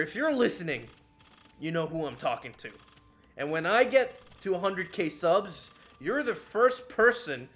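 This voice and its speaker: A man's voice: on the high side, fairly bright tone. A man giving casual commentary over his own strategy game match, laughing often and mocking his own mistakes as he rambles along. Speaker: gaming YouTuber.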